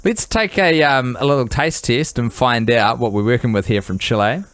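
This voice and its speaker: A man's voice: medium pitch, normal speed, a bit bright, no room sound. A man co-hosting a comedy podcast who plays a wry, playful interviewer. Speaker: podcast co-host.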